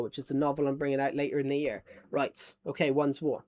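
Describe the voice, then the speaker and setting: Playful, rambling young man, slightly high voice. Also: little pitch movement, no room sound. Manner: playful, rambling, quick to laugh. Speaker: gaming streamer and author. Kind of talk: casual gaming chat and reading aloud.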